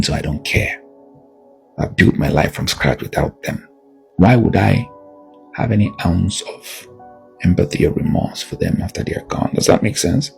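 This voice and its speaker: A man's voice: very deep voice, gravelly. A man talking bluntly and emphatically in a candid personal monologue, pressing his points harder as he goes. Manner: blunt and emphatic, rising to raised insistence. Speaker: video monologue host.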